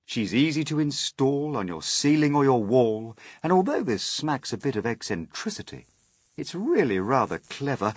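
A man reads a rhyming children's story in a playful, sing-song rhythm. His pitch rises and falls a great deal, with a slightly husky edge. The sound is close and dry. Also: sing-song, moderate pace, no echo.

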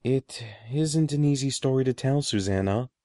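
A man reading the lines of a gentle, ominous old sorcerer, slow, soft and solemn. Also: mid-range voice, no room sound, studio quality, natural voice.

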